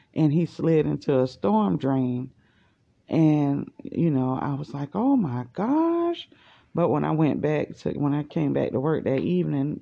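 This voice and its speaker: Unhurried talker in their forties, gravelly, dark-toned, casual rambling podcast voice message. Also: mid-range voice. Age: 40s. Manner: slow, unhurried, thinking aloud. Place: at work. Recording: dull lo-fi voice message.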